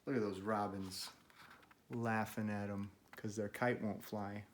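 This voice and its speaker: A man hosting a children's read-aloud, narrating a story and making gentle, chatty asides to a pet. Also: lowish voice, flat delivery, unhurried, slight background noise. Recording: roomy, echoey room.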